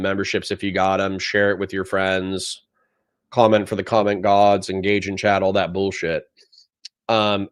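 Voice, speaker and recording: A young man hosting a casual livestream, reading chat comments aloud and reacting in a profane, animated way. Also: on the low side. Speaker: livestream host.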